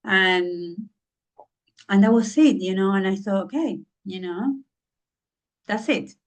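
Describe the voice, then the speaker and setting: A woman's voice: medium pitch, takes it slowly. A woman who is a podcast guest, earnestly telling a personal story and often searching for words with frequent "you know.". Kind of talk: personal story in a conversational interview. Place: lives in southern England.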